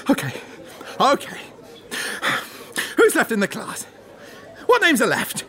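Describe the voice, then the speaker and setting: A man's voice: extremely high pitch, wildly swooping pitch, slow, bright, forceful tone, exaggerated voice. A man playing an exasperated man reacting with incredulous outbursts in a comedy sketch. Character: exasperated man caught in a silly name craze.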